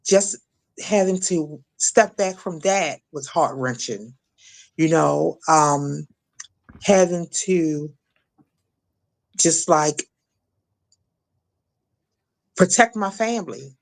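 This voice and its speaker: Halting middle-aged woman recounting trauma. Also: low voice, gravelly. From Maryland, USA. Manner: halting, many restarts and fillers. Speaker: guest. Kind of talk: emotional personal testimony.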